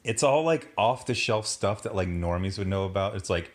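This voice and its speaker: A man's voice: lowish voice, expressive, brisk, few pauses. A man hosting a casual review, sarcastic and exasperated, rambling with lots of fillers and mocking asides. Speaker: commentary host.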